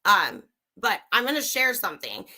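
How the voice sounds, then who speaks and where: A woman's voice: mid-range voice, big pitch swings, moderate pace, bright, forceful tone. A young woman livestreaming true crime commentary, angry, sarcastic and swearing freely as she reads and reacts. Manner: profane, sarcastic, heated.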